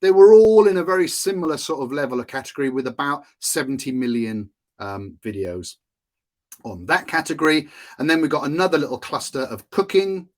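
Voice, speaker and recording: A man's voice: on the high side, fairly quick. A man from Wales teaching in a chatty, casual way, often checking in with his listeners. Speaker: course instructor.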